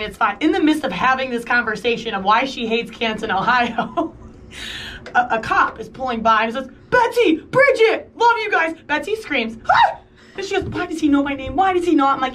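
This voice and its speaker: A high-voiced woman co-host tells a story in lively chat, acting out the lines of people she met and laughing along. She is picked up a little far from the mic, with faint background noise. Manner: chatty, quick to laugh, plays out quoted dialogue. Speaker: podcast co-host.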